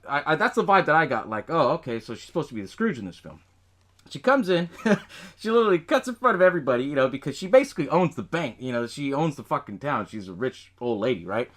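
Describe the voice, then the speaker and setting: A man's voice: a little high, fairly bright tone. A young man hosting a podcast, casually recapping a film, swearing often, laughing and quoting characters' lines. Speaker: podcast host.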